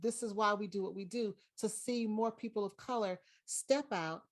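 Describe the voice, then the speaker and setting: A woman guest on a video call interview, speaking in an earnest, encouraging way and slowing down to stress her points. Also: medium pitch. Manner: encouraging, earnest, slows down for emphasis. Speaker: guest content creator.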